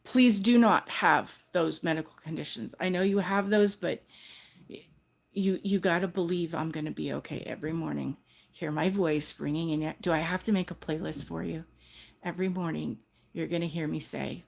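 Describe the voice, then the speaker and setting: Earnest older woman with gravelly voice. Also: low-pitched, moderate pace. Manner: earnest, rambling, self-correcting, heartfelt. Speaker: livestream host. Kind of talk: casual livestream chat.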